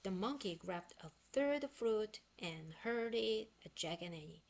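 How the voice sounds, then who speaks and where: A woman reading a children's book aloud in expressive, unhurried storytelling; her first language is Korean. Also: medium pitch, creaky. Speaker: book reader.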